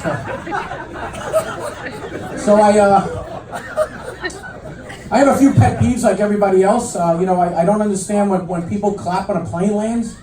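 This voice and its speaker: A middle-aged man doing a stand-up comedy set, telling deadpan stories full of fillers and restarts. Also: sits high, moderate pace, long pauses, a crowd in the background. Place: comedy club stage with live audience. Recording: echoey club mic heard from a distance. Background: audience laughter and room noise.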